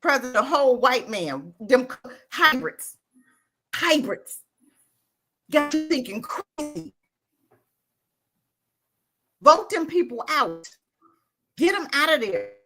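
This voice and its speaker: High, bright-voiced impassioned woman. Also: sing-song, unhurried, pauses often. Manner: impassioned, blunt, emphatic. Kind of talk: heated podcast commentary.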